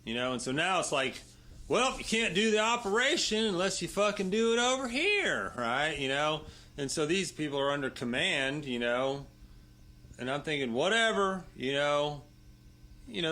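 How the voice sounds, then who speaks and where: A man with a bright, forceful and somewhat high voice tells stories in a loose, rambling way. He swears constantly and keeps tagging his lines with "you know" and "right", sounding like an easygoing guest in a casual interview. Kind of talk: casual storytelling.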